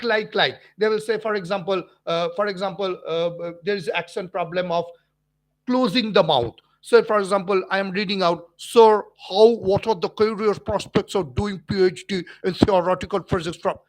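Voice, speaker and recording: A man's voice: high voice, a bit bright. A man with an Indian English accent, a physics teacher hosting a livestream and answering viewer comments in an emphatic, repetitive way, full of fillers and restarts. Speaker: physics teacher and channel host.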